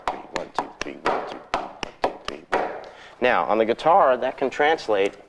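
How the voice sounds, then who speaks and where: Male guitar teacher, very low voice, easygoing, counts rhythms out loud for a lesson tape. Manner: relaxed, counts rhythms aloud. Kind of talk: instructional video lesson. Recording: 1990s instructional videotape.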